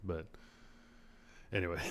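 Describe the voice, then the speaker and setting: Low-voiced man on a profane rant. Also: fairly bright tone, a little hiss or hum. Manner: rambling, profane, sarcastic, laughs often. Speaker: podcast host. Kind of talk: casual movie rant.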